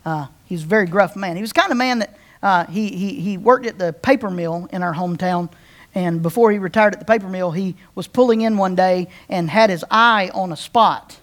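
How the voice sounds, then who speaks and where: Pastor, sermon, conversational storytelling, repeats phrases, checks in with the congregation, animated delivery. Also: a little fast. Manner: conversational, repeats phrases, asks the crowd "right?"; animated, with big swings in pitch and loudness.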